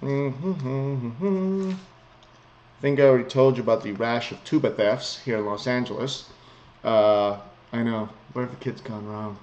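A man's voice: mid-range voice, steady tone, moderate pace, a little mellow. A man giving casual, sarcastic commentary on news stories from home. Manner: sarcastic, blunt, chuckles often. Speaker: vlogger reading news. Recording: slightly muffled lo-fi home recording.

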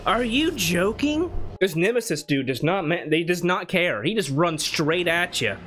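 Male gamer, lively swinging pitch, casual commentary, noisy game sound underneath. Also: normal speed. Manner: swings from mumbled planning to panicked yelling. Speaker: gaming YouTuber. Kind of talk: let's play commentary.

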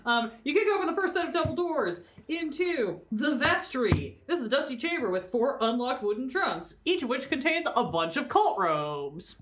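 A woman's voice: high voice, big pitch swings, moderate pace, hardly any pauses, fairly bright tone, slight background noise. A woman running a tabletop game as game master, narrating scenes with easy laughs and fillers.

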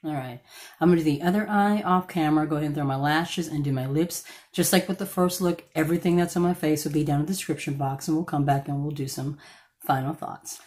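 A woman with a slightly croaky voice from allergies, chatting casually through a makeup tutorial and stopping now and then to correct herself. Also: sits low, steady tone, fast, darkish tone. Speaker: beauty vlogger.

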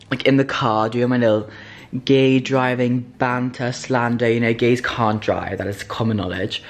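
A young man from Sweden talking to camera in a casual vlog, dramatic, camp and self-mocking, swearing often. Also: medium pitch. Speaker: vlogger.

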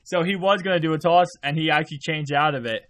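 This sleepy, freshly awake gamer talks fast in a higher-than-average voice. He hosts his channel casually, rambling through play-by-play and occasionally erupting with excitement.

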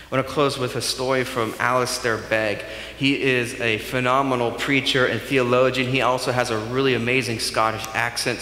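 A male pastor giving a sermon, in a conversational and animated way. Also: medium pitch, a little hiss or hum. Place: church sanctuary. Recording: echoey church hall.

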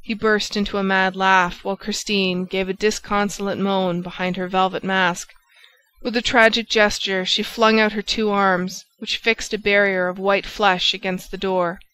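A woman reads a classic novel aloud in steady, measured narration. Her voice sits at an ordinary middle pitch for a woman. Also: clean tone, poor audio. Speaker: audiobook narrator.

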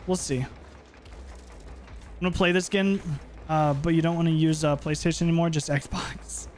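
A man livestreaming a game, chatting playfully and yelling at what happens on screen. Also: fairly high pitch, moderate pace, slight background noise. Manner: animated, playful, yells at the game. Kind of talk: live gameplay commentary.

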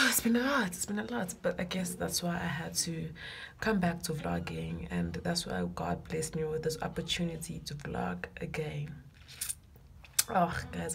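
A woman's voice: on the low side, normal speed, creaky. A young South African woman, a student, chatting candidly into her phone camera, confiding and shifting between giddy and tearful. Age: young adult. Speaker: vlogger, student. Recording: phone vlog with background noise.

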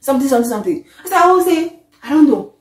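A woman, vlogging an animated, exasperated rant to camera that often trails off. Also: sits high, racing. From Africa. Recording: echoey room.

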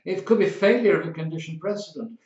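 A man's voice: high voice, fast. Man lecturing in a roomy space. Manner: playful, animated storytelling with acted examples. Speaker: law tutor. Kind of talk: recorded lecture. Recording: roomy, dull lo-fi lecture recording.

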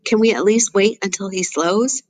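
Confident young girl, woman reader doing her, lighter, brisk. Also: medium pitch, a little mellow, no room sound, close to an everyday voice. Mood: arguing. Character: young girl who knows medicine, brisk and sure.

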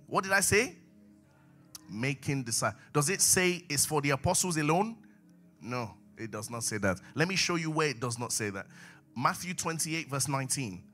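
Emphatic male preacher. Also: fairly bright tone. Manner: emphatic, swings from low asides to raised exhortation. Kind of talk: sermon.

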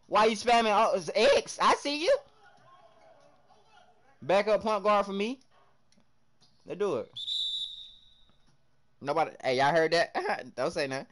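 A young man streaming live, excitably commenting on his game, shouting at teammates and chatting with viewers in heavy slang. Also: high-pitched. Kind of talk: live gameplay commentary and chat reading.

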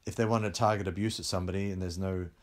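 A man's voice: low-pitched, rapid-fire. An English-born middle-aged man, a film director, telling anecdotes in a casual interview with laughs along the way. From England. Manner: animated storyteller, laughs while talking.

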